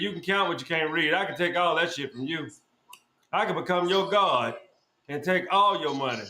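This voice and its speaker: A man hosting a podcast who berates his guest in a loud, repetitive, profane rant. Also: fairly high pitch, moderate pace. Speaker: podcast host. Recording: echoey room with faint noise.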